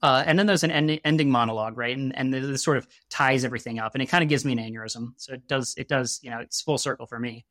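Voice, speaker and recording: Man, mid-pitched voice, loose rambling storyteller heavy on fillers, close and dry sound. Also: fast talker, few pauses, fairly bright tone, no echo. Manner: laughs at his own jokes. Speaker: podcast guest. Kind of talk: casual chat.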